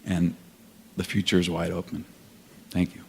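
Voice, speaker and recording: A man's voice: sits low, monotone, normal speed, vocal fry, very noisy. A man in his forties speaking on a panel in an earnest, reflective way. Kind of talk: panel talk. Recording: long hall reverb.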